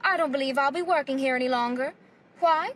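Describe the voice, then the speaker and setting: A deadpan high-voiced woman quitting her job, noisy clip. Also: brisk. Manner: deadpan, posh-sounding.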